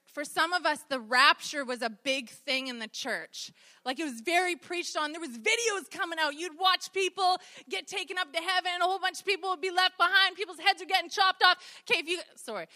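A woman's voice: very high-pitched, fairly quick, pushed and bright. A woman preacher giving a conversational sermon, telling stories with humor. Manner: chatty, storytelling with humor.

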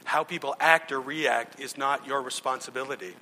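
A man preaches a sermon, narrating stories earnestly with frequent restarts. His medium-pitched voice is bright and forceful, fairly even in intonation, at normal speed. The recording has long hall reverb plus a little hiss or hum.

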